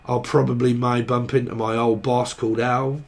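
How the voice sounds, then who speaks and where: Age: adult. Sex: man. Role: tarot reader. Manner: rambling, jokey, swearing. Pitch: middling. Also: level tone, moderate pace. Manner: rambling, free-associating, jokey, swears casually. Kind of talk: casual stream-of-consciousness tarot reading.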